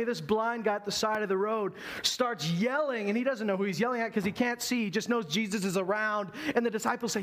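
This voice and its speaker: A man's voice: high-pitched, a little fast, few pauses, a bit bright. A man preaching a sermon in a church, telling stories with humor and acting out voices. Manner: humorous storytelling, acts out voices. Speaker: pastor.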